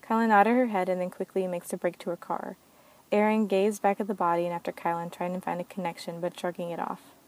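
Female drama narrator, low and mellow, reads all the parts. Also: fairly even intonation, quick pace, rough recording. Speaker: narrator and sole reader. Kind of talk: reading an amateur audio drama.

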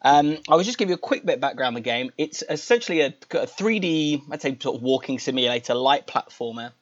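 A young man hosts a casual podcast chat in a voice of middling pitch. He leads the talk in an easygoing, chatty way and pokes fun at his own show. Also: animated, fast talker, dull audio. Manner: chatty, self-deprecating, leads the discussion. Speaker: podcast host.

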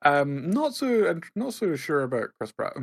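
A man's voice: a little high, big pitch swings, unhurried, creaky, slightly rough. A man co-hosting a casual gaming podcast, talking wryly and making jokes. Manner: wry, joking. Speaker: podcast co-host. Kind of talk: casual gaming news chat.

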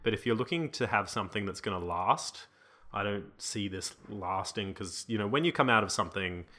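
A man's voice: on the low side, normal speed, pushed and bright. A man co-hosting a podcast, giving advice to listeners in a playful, joking way. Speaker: podcast co-host. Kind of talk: casual advice chat.

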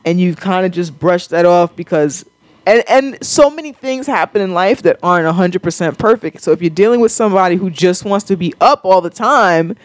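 A woman's voice: on the low side, animated, fairly quick, dry recording. A woman hosting a podcast, talking candidly and emotionally, swearing freely. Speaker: podcast host. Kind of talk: candid casual podcast chat.

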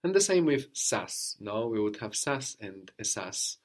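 A man's voice: on the low side, very animated, a little slow. A man teaching a language lesson, patiently prompting questions and repeating the learner's answers.

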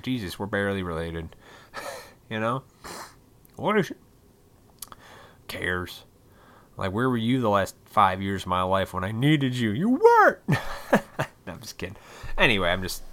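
Animated, swearing podcast man in his thirties. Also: on the low side. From Illinois, US. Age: 30s. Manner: profane, rambling, swings into loud excited outbursts. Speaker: podcast host. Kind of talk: casual solo podcast rant.

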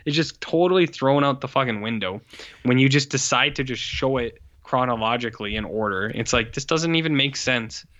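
A man's voice: medium pitch, a little fast, fairly bright tone. A man co-hosting a casual film review chat, blunt and scornful, swearing freely. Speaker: podcast co-host. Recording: dull lo-fi sound.

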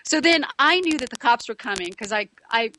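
A woman's voice: a little high, a little fast, a little hiss or hum, low-quality recording. A woman from Los Angeles telling a funny personal story in casual talk, laughing often and acting out what people said. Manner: animated, laughs often, acts out quotes. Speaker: storyteller guest.

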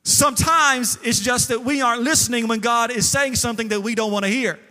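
Guy preaching in church, high bright voice, long echo all around. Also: fairly quick. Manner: lively storytelling with acted quotes. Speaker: pastor. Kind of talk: sermon. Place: church sanctuary. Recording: long hall reverb.

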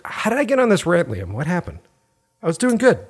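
A man in his forties rants sarcastically in a casual podcast chat, swearing freely. His pitch swings widely as he talks. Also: huge pitch swings, a little fast, slightly rough. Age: 40s. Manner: profane, ranting, sarcastic. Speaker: podcast co-host.

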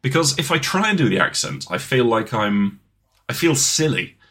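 A man's voice: mid-range voice, big pitch swings, normal speed, fairly bright tone. A man, co-hosting a podcast in casual, rambling, self-deprecating chat. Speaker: podcast co-host.

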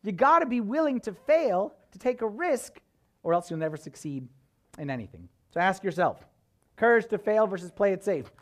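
A man, a priest, preaching a sermon as a conversational, animated story full of casual fillers. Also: high-pitched, normal speed.

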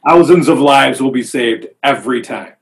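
A man joining a casual comedy podcast, starting hesitantly and then talking in quick bursts. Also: medium pitch.

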